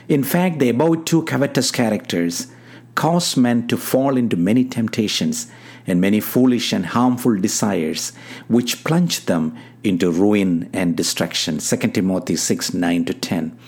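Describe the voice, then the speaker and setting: A man giving an earnest, measured devotional sermon and leading a prayer, addressing listeners as beloved, with slightly non-native phrasing. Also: lowish voice, a little mellow. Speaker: preacher. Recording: guitar music clearly behind.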